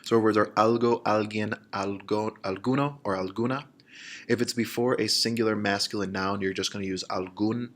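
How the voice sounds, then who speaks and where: A man explaining grammar in a recorded lesson, slowing down to spell out examples. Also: lowish voice. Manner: steady explanatory pace, slows to spell out examples. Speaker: Spanish teacher.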